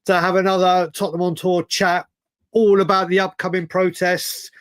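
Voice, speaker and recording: A man hosting a casual livestream chat, excitable, often laughing and repeating himself. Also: sits high, normal speed, no room sound. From United Kingdom. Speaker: livestream host.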